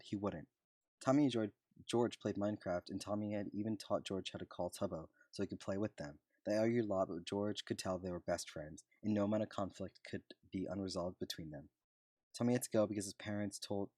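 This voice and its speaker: Man reading fan fiction, low voice, dry close sound, casual, self-correcting stumbles. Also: darkish tone, no echo. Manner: casual reading, often stumbles and restarts words. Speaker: fanfiction reader.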